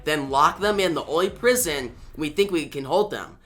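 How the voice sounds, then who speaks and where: A comic reviewer reading out the lines of a stern male superhero guardian in a lower, quieter, measured voice. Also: expressive, faint music behind, close to an everyday voice. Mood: serious.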